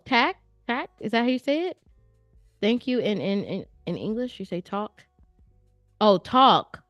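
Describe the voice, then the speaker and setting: A woman's voice: medium pitch, no echo, clean studio sound. A woman hosting a live stream, chatting casually and playfully with her viewers in a slangy, direct way. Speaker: livestream host reviewing viewer artwork. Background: faint background music.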